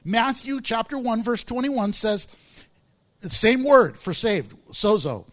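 A man's voice: very high-pitched, lively intonation, takes it slowly, fairly bright tone. A man preaching a sermon, explaining words from the text and acting out the voices of people in the story. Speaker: pastor.

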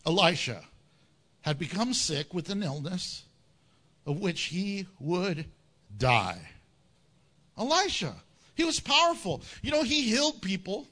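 A male pastor delivers a lively sermon in a high, bright voice that leaps up and down. He is jokey and animated, and he acts out quoted voices. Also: unhurried, long pauses.

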